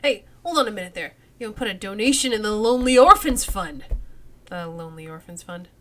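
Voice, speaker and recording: A woman's voice: mid-range voice, expressive, fast, sharp tone. A woman voicing a sly, corrupt male police officer in a role-playing game, speaking in a slick, streetwise way. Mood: wheedling. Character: sleazy male cop fishing for bribes, sly.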